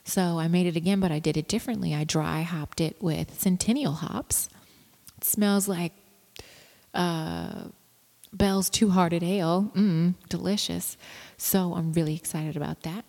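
A woman's voice: lowish voice, measured pace, vocal fry, a little mellow, long reverb tail. A woman rambling casually about her home brewing, with lots of fillers and restarts. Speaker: home brewer. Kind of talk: casual vlog chat.

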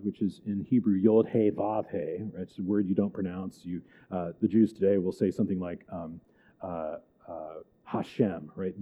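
A man's voice: lowish voice, husky. A man teaching a church catechism class, conversational and digressive, often checking in with "right?" and "okay?". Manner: animated and emphatic, with chuckles. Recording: tinny, phone-like recording.

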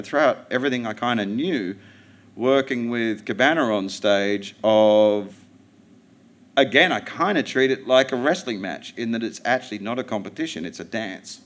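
An Australian man telling stories with lively swings in energy and frequent swearing, speaking in an ordinary mid-range voice. He is a comedian being interviewed on stage at a live podcast taping. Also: medium pitch. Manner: animated, profane storytelling. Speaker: guest comedian. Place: theatre stage before a live audience.

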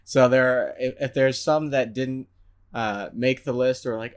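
A man's voice: mid-range voice, normal speed. A man co-hosting a podcast, chatting casually with playful, giggly banter. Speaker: podcast co-host. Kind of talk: casual chat.

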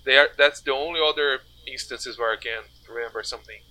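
Bright man thinking aloud in chat. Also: medium pitch, fast talker, poor audio. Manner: hesitant, thinking aloud with fillers. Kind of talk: casual chat about a video game.

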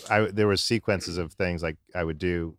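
A man chatting casually on a tour bus in a low-key, matter-of-fact way. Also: steady tone, normal speed, a bit bright, no room sound. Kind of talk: casual chat.

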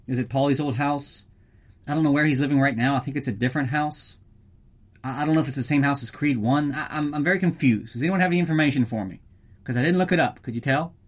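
A man hosting a podcast, recapping a film in casual, rambling, profane talk and joking about himself in the third person. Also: fairly high pitch. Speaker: podcast host.

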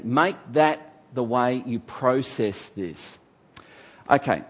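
A man's voice: mid-range voice, lively intonation, slow. A man teaching from the Bible in a conversational sermon, emphatic and acting out the people he quotes.

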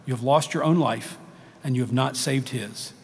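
A cruel witch queen gloats over her fallen enemy in a slow, quivering, taunting voice, as a male pastor reads her lines aloud from a storybook. The voice sits low and hushed, and a long hall reverb trails each phrase. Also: husky. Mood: gloating, cruel.

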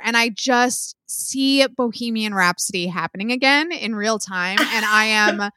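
A woman in her thirties co-hosts a casual podcast from home, chatty and opinionated, sprinkling in plenty of "like" and "um." Her bright, slightly high voice is a little slow and sounds dry and close on a dry recording.

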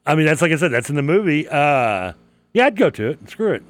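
A man's voice: fairly high pitch, sing-song, brisk, no room sound. Southern guy w a little lisp on sports radio, laughs a lot, trips on words, voice jumps all over. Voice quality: slight lisp. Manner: giggly, stumbles over words, laughs often. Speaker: radio co-host. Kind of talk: casual sports radio banter. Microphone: headset.

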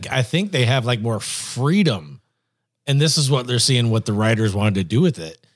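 A man co-hosting a podcast, wisecracking and playful, throwing in quick jokes. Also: expressive, dry recording, clean studio sound. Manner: wisecracking, playful, jumps into squeaky joke voices. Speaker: podcast co-host. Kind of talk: casual podcast banter.

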